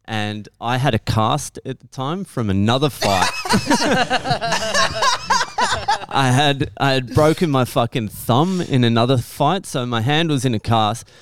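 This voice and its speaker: A man's voice: medium pitch, very animated, slow pace, very noisy. A young man on a podcast telling a story in casual talk, swearing constantly and laughing now and then.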